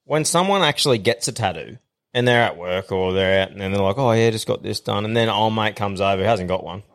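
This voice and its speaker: A man's voice: fairly low pitch, a little fast. A man with an Australian accent hosting a podcast, telling sweary yarns in casual chat. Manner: swearing, storytelling, animated yarns. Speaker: podcast host.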